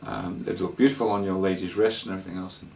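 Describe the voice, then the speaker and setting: A man telling a casual travel anecdote, rambling and halting with fillers and restarts. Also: sits low, steady tone, vocal fry, a little mellow, distant mic. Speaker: traveller sharing scam warnings.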